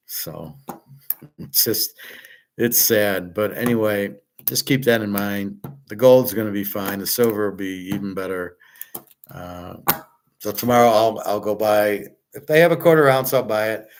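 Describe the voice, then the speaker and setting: A man with a somewhat low voice delivers an unscripted rant. He is blunt and scornful, swears freely, and rambles with frequent restarts and fillers. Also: a little slow, slight background noise. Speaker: host. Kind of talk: unscripted rant on gold and economics.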